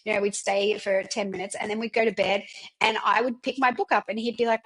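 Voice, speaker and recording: A woman hosts a personal podcast, talking candidly and loosely, packed with fillers like "like" and "you know" plus occasional swearing. Her voice is on the high side, fast, fairly bright and husky.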